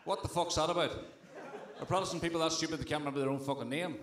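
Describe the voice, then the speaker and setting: A young man with a Northern Irish accent doing a stand-up set, deadpan and swearing, with crowd work. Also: fairly high pitch, very fast, background noise. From Northern Ireland. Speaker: stand-up comedian. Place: comedy club stage. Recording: roomy live club with crowd.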